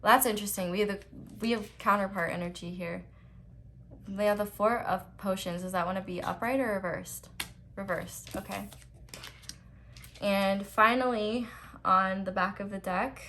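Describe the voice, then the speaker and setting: A woman's voice: medium pitch, pushed and bright, a little hiss or hum. A young woman giving a casual tarot card reading at home, chatty and giggly, with rambling asides. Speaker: tarot reader.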